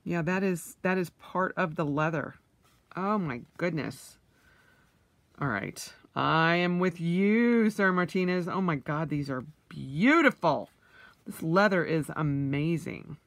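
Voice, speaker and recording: A woman's voice: lowish voice, takes it slowly, no echo. A woman vlogger, middle-aged, unboxing purchases in a casual vlog, gushing with oohs and yays.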